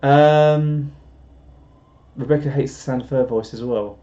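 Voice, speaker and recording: Guy rambling on a live stream, mellow and warm, kinda dull lo-fi audio. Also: mid-range voice, fairly even intonation, measured pace. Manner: rambling, self-deprecating, full of restarts. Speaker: live streamer reading viewer chat. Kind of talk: casual live-stream chat.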